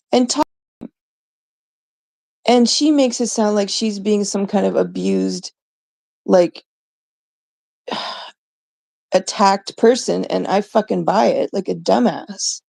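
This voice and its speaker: A woman's voice: medium pitch, slow, gravelly, pauses often, mellow. A woman host ranting indignantly in a rambling, profane monologue about online drama. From Canada. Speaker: livestream host.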